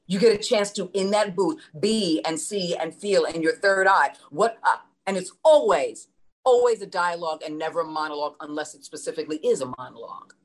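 A woman's voice: fairly low pitch, a little fast. Emphatic woman from New York. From New York City. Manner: emphatic, rhetorical questions, repetition, swears. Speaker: voice acting coach. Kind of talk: motivational talk.

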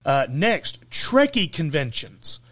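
Joking podcast co-host, slightly high. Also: male voice, big pitch swings, slow pace, fairly bright tone, dry recording, studio quality. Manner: joking, laughs often, lists topics. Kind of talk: casual chat.

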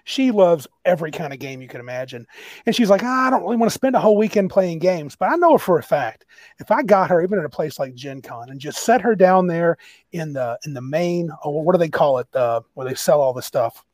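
A man chatting casually on a podcast, talkative and quick to laugh. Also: on the high side, expressive, darkish tone, dry recording, studio quality. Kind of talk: casual chat.

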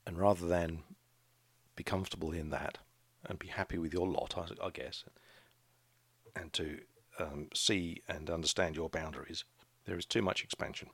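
A man's voice: low voice, steady tone, moderate pace, fairly bright tone, husky, no echo. A middle-aged man hosting a casual solo podcast, rambling and hesitant with frequent restarts. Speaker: podcast host, craft shop owner.

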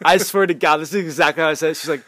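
A young man with a fairly high voice tells a story in a lively, bouncing way. He laughs often, swears freely and keeps saying "dude". The voice is close and dry, with no room sound behind it. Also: quick pace, no echo. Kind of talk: casual chat, animated storytelling.

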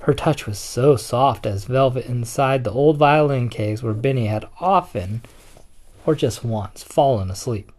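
Steady children's storybook reader. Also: medium pitch, unhurried. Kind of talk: reading a children's picture book aloud.

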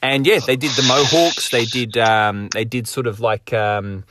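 A man's voice: medium pitch, fairly even intonation, unhurried, very noisy. A man with a London accent co-hosting a podcast in casual chat, joking and laughing, often thinking aloud. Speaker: podcast co-host.

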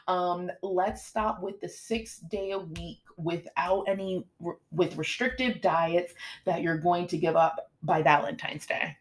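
A woman fitness coach, middle-aged, with a slightly low voice. She talks in a casual, motivational way and acts out what her students said to her. The tone is animated and chatty. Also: slow pace. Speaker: fitness coach and podcast host.

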